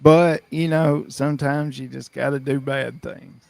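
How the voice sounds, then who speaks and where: A man's voice: mid-range voice, steady tone, unhurried, creaky, darkish tone, dry recording. A man co-hosting a live show, laid-back and unapologetic about his bad behavior. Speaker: co-host. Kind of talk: casual chat.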